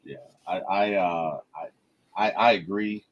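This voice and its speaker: A man's voice: low-pitched, slow pace, dull audio. A man chatting casually in a movie review, emphatic, stammering and restarting as he retells scenes.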